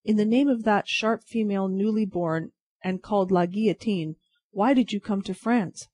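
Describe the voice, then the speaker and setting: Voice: normal speed, a little mellow, natural voice. A reader voicing a grim terse wine-shop keeper. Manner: terse, low-voiced.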